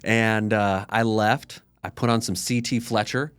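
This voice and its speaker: A man's voice: on the low side, steady tone, measured pace, a bit bright, smooth, no room sound, clean studio sound. A man in his thirties, a podcast guest, telling his story in a candid, conversational way full of "like". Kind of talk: casual storytelling interview.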